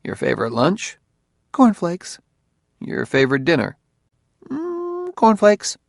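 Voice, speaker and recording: A man's voice: sits high, wildly swooping pitch, slow pace, gravelly, dry recording, clean studio sound, pitched above the performer's own voice, full character voice. A man voicing a giddy, evasive young woman in love, joking to dodge serious questions in an audiobook. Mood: playful.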